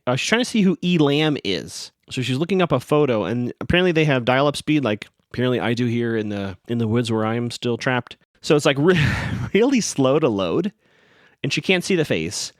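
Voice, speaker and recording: A man's voice: mid-range voice, dry recording, clean studio sound. A man hosting a podcast, recapping a TV episode in a rambling, sarcastic, amused way. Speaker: podcast host.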